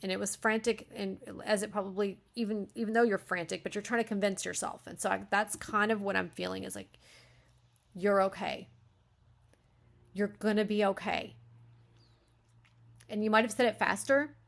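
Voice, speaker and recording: A woman with a gravelly edge to her mid-range voice gives a spoken critique as a beta reader. She thinks aloud, breaking off and restarting her sentences. She acts out lines of dialogue to show where the emphasis belongs. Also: mid-range voice, steady tone, fast, hardly any pauses, fairly bright tone. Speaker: beta reader giving feedback.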